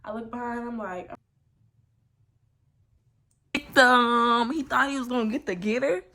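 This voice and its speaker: A young woman tells a storytime on camera while she gets ready, in a fairly high voice. Her delivery is animated and slangy, and she keeps turning to the viewer with confiding asides. A faint hiss sits under the voice. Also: fast talker. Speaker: vlogger.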